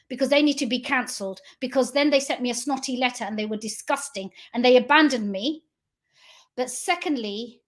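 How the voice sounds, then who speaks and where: High-pitched woman, direct-address monologue, accusatory and emotional, full of rhetorical questions. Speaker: founder giving a public address.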